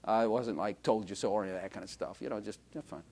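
A man's voice: on the low side, fast, breathy edge. A man preaching a sermon, telling jokey stories about himself and calling out to the congregation. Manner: animated, joking storytelling with the congregation. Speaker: pastor.

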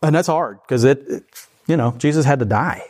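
A man's voice: mid-range voice, darkish tone. Chatty preaching man in his forties. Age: 40s. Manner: conversational, chuckling, slows down to read scripture. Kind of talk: casual sermon.

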